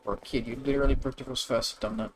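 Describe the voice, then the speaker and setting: Sweary, sarcastic streamer. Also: male voice, medium pitch, steady tone, rapid-fire, rough recording. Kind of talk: live game commentary and reading. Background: game music.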